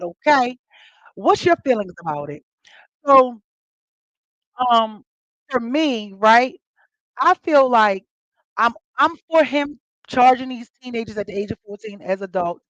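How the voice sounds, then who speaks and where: A fairly high-voiced woman hosts a casual chat, telling stories in an animated way and jumping up in pitch as she acts out what people said. The sound is dry and a bit dull, like a lo-fi home recording. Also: moderate pace, dry recording. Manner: animated storytelling, acting out quotes with big pitch jumps. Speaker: host. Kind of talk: casual chat to a live audience.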